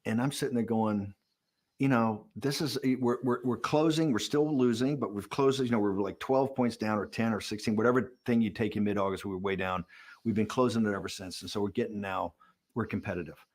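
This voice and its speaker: Interview guest: man in his sixties, mid-pitched, animated raconteur who voices the other people in his stories. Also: a little fast. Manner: animated storyteller acting out quoted dialogue. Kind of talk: candid documentary interview.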